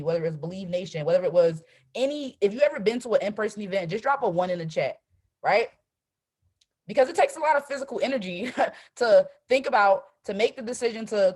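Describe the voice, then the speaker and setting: Husky woman coaching with "right?". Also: mid-range voice. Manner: repeats "right?" constantly, emphatic and animated. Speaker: trading coach hosting a live call. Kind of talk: live-streamed motivational talk.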